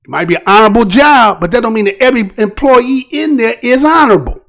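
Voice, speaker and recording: High-voiced gravelly man giving commentary. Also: quick pace. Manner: rhetorical, repeatedly asks "right?"; animated, restarts and trailing phrases. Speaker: commentary show host. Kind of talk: casual news commentary.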